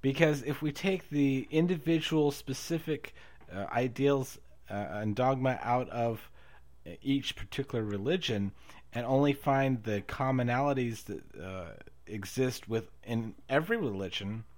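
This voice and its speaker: A man in a casual conversation who reasons out loud, with frequent restarts and laughter. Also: medium pitch, a little slow. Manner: thinks aloud with many fillers and restarts, laughs often.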